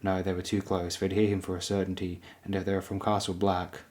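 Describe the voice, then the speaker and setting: Deep-voiced male reader; steady, measured audiobook narration.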